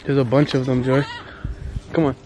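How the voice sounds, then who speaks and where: A woman's voice: very deep voice, little pitch movement, normal speed, dark tone. A woman chatting casually and teasingly while vlogging outdoors on a farm. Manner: teasing, playful. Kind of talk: casual vlog chat. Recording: noisy outdoor recording.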